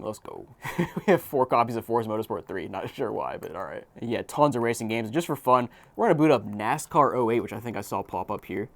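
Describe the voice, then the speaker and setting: A man giving casual, excitable commentary as he unboxes and tests game consoles. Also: mid-range voice, no echo. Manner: excitable, quick reactions and exclamations. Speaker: tech YouTuber reviewing consoles.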